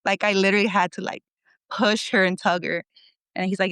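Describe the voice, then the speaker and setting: A chatty woman in her thirties, a guest on a podcast. She has a smooth, clear voice at a mid pitch and tells her stories with frequent laughs. The sound is dry and close. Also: fairly even intonation, fairly quick, a bit bright, no echo. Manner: chatty, laughs often, acts out quotes of family and coach. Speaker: podcast guest, former national team athlete. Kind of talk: casual storytelling interview.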